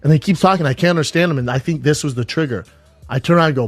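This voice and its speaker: A man telling a casual podcast anecdote, acting out the quoted lines in a lively way. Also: on the high side, rapid-fire, no echo, soft background music. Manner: lively, acts out quoted lines in different voices. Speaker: podcast storyteller.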